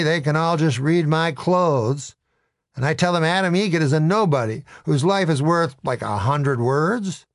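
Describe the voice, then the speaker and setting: Male audiobook narrator reading his memoir; deadpan, wry delivery, dry close studio sound. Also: fairly high pitch, no room sound.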